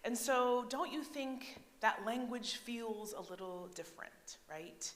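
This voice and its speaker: A woman's voice: fairly high pitch, takes it slowly. An American woman pastor preaching a conversational sermon, often asking the congregation questions and checking in with "right?". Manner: chatty, asks the congregation questions, frequent "right?". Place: church sanctuary. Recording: echoey church hall.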